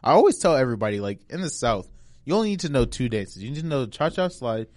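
A man's voice: mid-range voice, big pitch swings, fast, no room sound. Young man, dry playful podcast banter. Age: young adult. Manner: playful, laughing. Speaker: podcast co-host. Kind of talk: casual chat.

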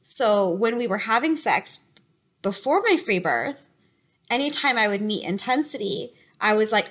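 A young adult woman co-hosting a podcast, talking openly and emotionally in casual chat, with quick bursts and many fillers. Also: mid-range voice, big pitch swings, a bit bright. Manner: open, emotional, talks in quick bursts with frequent likes and you-knows. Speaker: podcast co-host.

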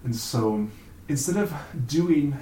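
A man co-hosting a casual podcast chat, reflective and halting as he thinks aloud. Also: mid-range voice, expressive, dark tone, echoey room, far from the mic, a little hiss or hum, low-quality recording. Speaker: podcast co-host.

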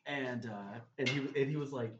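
A man's voice: mid-range voice, normal speed, noisy background. Earnest storytelling man, roomy sound. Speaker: guest. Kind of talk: faith testimony in conversation. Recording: roomy, slightly dull recording.

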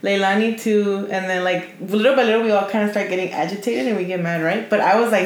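A woman's voice: medium pitch, steady tone, fast, hardly any pauses, a little hiss or hum. A young woman co-hosting a podcast, telling a story in casual chat, blunt and swearing freely, slipping into Spanish now and then. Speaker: podcast co-host. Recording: roomy echo.

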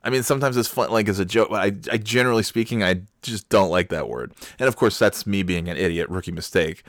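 A man telling a family story in a casual, animated way, with laughs and quick restarts. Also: lowish voice, dry recording, studio quality.

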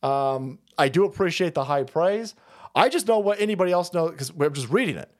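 A man rants through political commentary in a high, very animated voice that swoops up and down. He curses freely, laughs often and pushes his lines hard, like a host riffing alone on his show. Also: brisk. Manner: loud, profane, laughs often, swings pitch wildly. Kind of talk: profane ranting commentary.

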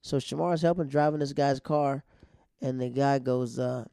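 A man's voice: medium pitch, fairly even intonation, normal speed, gravelly, dark tone, clean tone, no room sound, clean studio sound. A man casually telling a long personal story, rambling and conversational, with frequent fillers and restarts.

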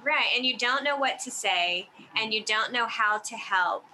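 A woman co-hosting a faith podcast, telling stories quickly and acting out what people said. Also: a little high, pushed and bright, a little hiss or hum, low-quality recording. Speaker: podcast co-host. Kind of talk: casual faith chat.

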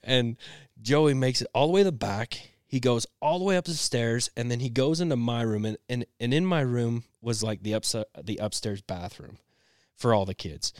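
A young man co-hosting a podcast, telling a family story in an animated way and laughing often. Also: mid-range voice, moderate pace, clear, resonant tone, dry recording, clean studio sound. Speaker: podcast co-host. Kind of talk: casual storytelling chat.

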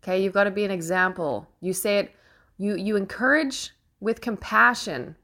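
A young woman hosting a casual opinion monologue, her voice sitting at an ordinary middle pitch. She speaks with earnest emphasis, swears freely and laughs often, sounding close to tears with emotion. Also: moderate pace, pushed and bright. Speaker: host.

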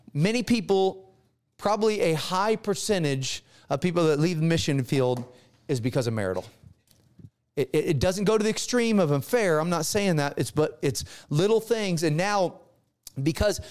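Brief: middle-aged man, pastor, high-pitched voice, animated storytelling sermon. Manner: animated storyteller acting out dialogue.

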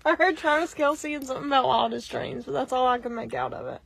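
A woman's voice: high-pitched, big pitch swings, fast talker, gravelly, very noisy. A woman co-hosting a podcast, reacting and teasing in casual chat. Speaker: podcast co-host.

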